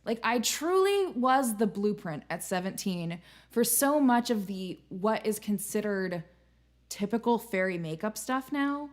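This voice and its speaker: A woman's voice: mid-range voice, big pitch swings, measured pace. Chatty young woman streamer, candid. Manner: candid, chatty, swears casually. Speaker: streamer and host. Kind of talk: casual live-stream chat.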